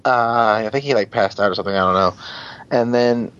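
A man's voice: lowish voice, brisk, a bit bright. A man hosting a casual show and recapping an episode in a rambling, profane, joking way. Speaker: podcast host. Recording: dull lo-fi recording.

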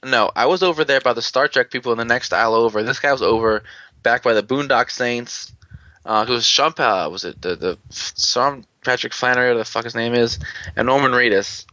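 A man with a bright, forceful voice tells a long, rambling story over casual chat, stumbling through fillers and restarts and chuckling along the way. The recording is dull and lo-fi, with a dry, close sound. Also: mid-range voice, brisk, no echo.

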